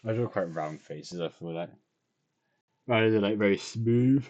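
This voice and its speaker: A man's voice: lowish voice, unhurried, darkish tone, muffled recording. A tired young man, rambling and self-deprecating as he talks through his drawing in a casual video diary. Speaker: vlogger.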